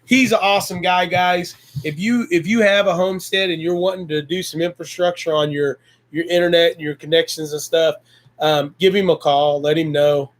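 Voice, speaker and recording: Folksy livestream host, fairly high-voiced man. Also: steady tone, moderate pace. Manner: folksy and effusive, warm praise and blessings. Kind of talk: casual livestream chat.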